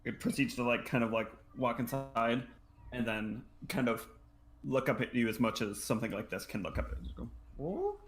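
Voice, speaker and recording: A man's voice: mid-range voice, steady tone, brisk. A man running a tabletop game as game master, describing scenes in a loose, rambling way full of fillers.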